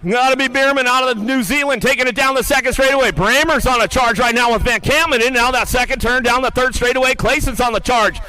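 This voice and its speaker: A high, bright man's voice calling race action in rapid play-by-play. His tone is clear and crisp, and he rattles off riders' names and positions as they jostle for the lead, then settles lower and softer to read back the finishing order. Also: rough recording. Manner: drops lower and quieter when reading results and lineups. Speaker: race announcer. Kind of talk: live BMX race commentary.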